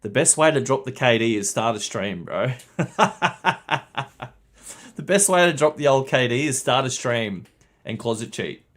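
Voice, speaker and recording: A man's voice: mid-range voice, animated, normal speed, fairly bright tone. A young man streaming a game, chatting casually with his viewers, swearing and laughing often. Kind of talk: casual livestream commentary.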